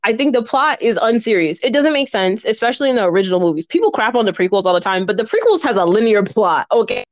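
A woman co-hosting a casual podcast, telling animated stories, acting out the quotes and laughing often. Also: fairly high pitch, quick pace, no room sound. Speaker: podcast co-host.

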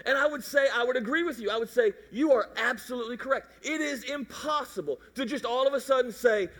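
Middle-aged male pastor, very high-pitched, playful and animated delivery. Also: quick pace, hardly any pauses, long reverb tail. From Mississippi. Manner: animated, jokey, acts out voices and roars. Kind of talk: sermon.

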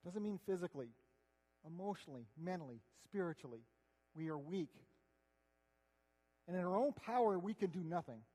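Male preacher, earnest and conversational, high voice, reverberant hall. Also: animated, moderate pace, long pauses. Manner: earnest, conversational, swings between loud and hushed. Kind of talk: sermon.

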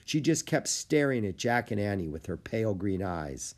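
Expressive man reading a children's book. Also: fairly low pitch, moderate pace. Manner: expressive, storytelling. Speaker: audiobook narrator. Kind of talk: children's book read aloud.

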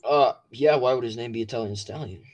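A man's voice: mid-range voice, brisk, darkish tone. A man in casual chat with a friend, mocking and joking. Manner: mocking, jokey.

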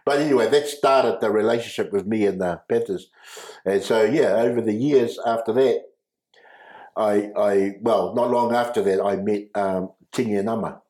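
A man, recounting his life as an interview guest, halting with restarts and frequent chuckles. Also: lowish voice, darkish tone. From New Zealand. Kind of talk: personal storytelling. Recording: echoey room.

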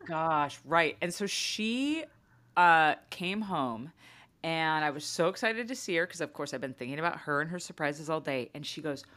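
A woman's voice: low voice, moderate pace. A woman in her thirties co-hosting a podcast, telling a story in casual chat and acting out her children's lines. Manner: animated storytelling, acts out her kids' voices. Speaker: podcast co-host.

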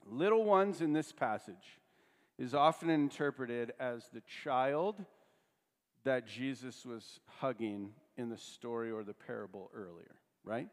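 A man's voice: mid-range voice, lively intonation, measured pace. Male pastor, conversational sermon delivery with rhetorical questions, reverberant hall sound.

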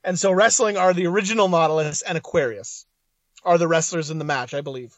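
High-voiced laughing podcast co-host man. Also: quick pace, dry recording. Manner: laughing, blunt and profane. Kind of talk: casual podcast chat.

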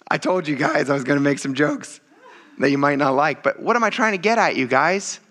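A man preaches to his congregation in a chatty, direct way, often turning to them mid-sentence. His voice is bright and sits a little high. He builds to loud exclamations when he drives a point home. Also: expressive, fast. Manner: casual, conversational preaching, often says "you guys". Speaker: pastor. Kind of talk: sermon.

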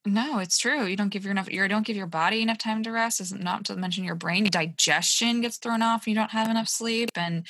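Woman, young adult, podcast host, low and fry-heavy, casual and friendly, dry close sound. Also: brisk, few pauses, fairly bright tone, dry recording. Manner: friendly, casual, frequent "like" fillers.

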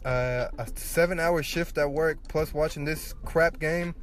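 A man's voice: a little high, unhurried, soft background music. A young man hosting his own sports podcast, ranting angrily and swearing, his voice climbing in outrage. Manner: angry ranting, swears, rising to near shouts. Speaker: podcast host. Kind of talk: solo sports rant podcast.

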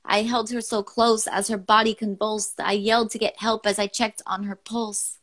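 This is a young woman co-hosting a poetry show over an online call. Her talk is casual and salted with swearing. When she reads poems aloud she is openly emotional and quick to laugh. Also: mid-range voice, level tone, fairly bright tone. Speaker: podcast co-host reading listener poems. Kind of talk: casual chat and poetry reading.

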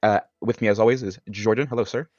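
A man hosting a gaming podcast in casual chat, relaxed and joking. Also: lowish voice, quick pace, dry recording, lo-fi sound. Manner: relaxed, joking, laughs often. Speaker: podcast host.

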